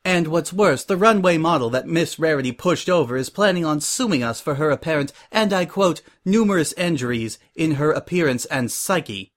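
A man's voice: on the high side, animated, moderate pace, hardly any pauses, voice pushed up, close to an everyday voice. A man voicing a tired, polite female pony who runs a fashion house. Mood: weary polite. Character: weary refined female pony fashion boss.

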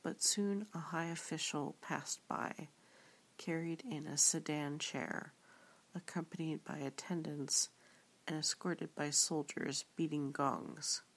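A woman reading a story aloud in a soft, often whispered way. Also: low-pitched, steady tone, slow pace. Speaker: reader.

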